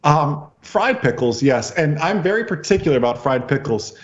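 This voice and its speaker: A man's voice: on the high side, expressive, normal speed, lo-fi sound. A man co-hosting a live stream, bantering playfully and often repeating his first words. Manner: playful, stammers on starts. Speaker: co-host.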